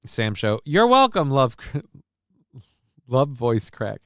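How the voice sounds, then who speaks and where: A man's voice: mid-range voice, sing-song, takes it slowly, a bit bright, dry recording. A man from the American Midwest hosting a casual livestream, joking and rambling as he comments on the news. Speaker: host.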